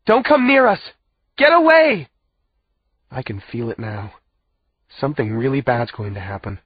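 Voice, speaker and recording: A man's voice: fairly low pitch, muffled recording, slight background noise. A man narrating a first-person audiobook in a tense, dramatic way.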